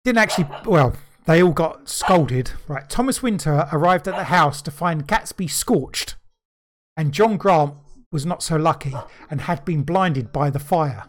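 Casting note: man in his podcast seat, somewhat high voice, reads history off notes and keeps breaking in with sweary jokes. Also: expressive, measured pace. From London. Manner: swearing, jokey asides while reading. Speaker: podcast co-host. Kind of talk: casual podcast chat, reading history notes.

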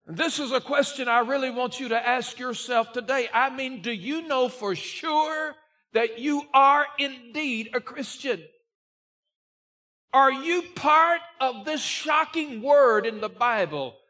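A male pastor delivering a Sunday morning sermon, reading scripture aloud and driving his points home, shouting out key words. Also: extremely high pitch. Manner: slow, emphatic preaching that rises to shouts on key words; reads scripture aloud in old-fashioned wording.

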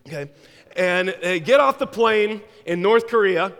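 A man's voice: sits high, animated, a little slow, fairly bright tone, long reverb tail. A man preaching a sermon, telling stories animatedly with frequent stammered restarts. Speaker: pastor.

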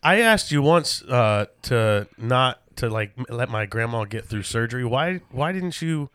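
A man's voice: mid-range voice, expressive, unhurried, a bit bright, clean tone. A man co-hosting a podcast, rambling and laughing through crude, casual comedic banter. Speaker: podcast co-host.

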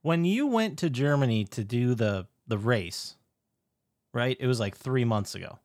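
A man's voice: mid-range voice, expressive, unhurried, a little mellow, dry recording, studio quality. A man co-hosting a podcast, trading sarcastic quips and curious questions in a casual chat. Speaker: podcast co-host.

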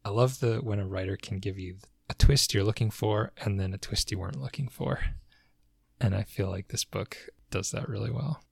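A man's voice: on the low side, normal speed, creaky, breathy edge, no echo. A man co-hosting a podcast, talking through a book in a thoughtful, hedging way and searching for words. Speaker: podcast co-host. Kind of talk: casual book discussion.

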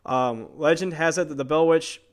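A man co-hosting a casual podcast, reading out old legends from his notes in a chatty way, with fillers and quick asides. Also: a little high. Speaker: podcast co-host telling the stories.

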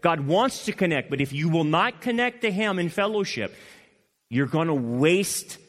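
A man preaching a sermon as pastor, emphatic, moving between loud passionate peaks and quiet intimate asides. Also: on the high side, expressive, normal speed. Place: church sanctuary. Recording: long hall reverb.

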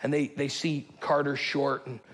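A man in his forties preaching a sermon as pastor, energetic and calling the congregation to answer back, with humorous storytelling. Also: mid-range voice, normal speed, breathy edge. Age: 40s. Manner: energetic, calls congregation to respond.

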